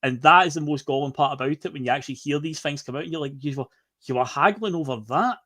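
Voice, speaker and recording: A man co-hosting a casual football podcast, ranting in an exasperated, animated way. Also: on the high side, fast. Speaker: podcast co-host.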